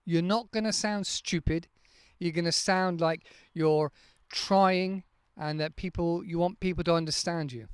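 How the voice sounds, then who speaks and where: A man's voice: fairly high pitch, fairly even intonation, measured pace, clear, resonant tone, no echo, studio quality. A man, hosting a casual podcast as an English teacher, patiently explaining pronunciation and demonstrating sounds word by word into a handheld mic. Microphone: handheld microphone.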